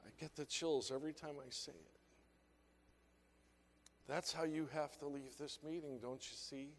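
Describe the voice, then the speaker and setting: A man's voice: fairly high pitch, steady tone, normal speed, slight background noise. An older man giving an emotional, emphatic motivational speech to a conference audience. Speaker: keynote speaker. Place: large conference hall. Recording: reverberant hall sound.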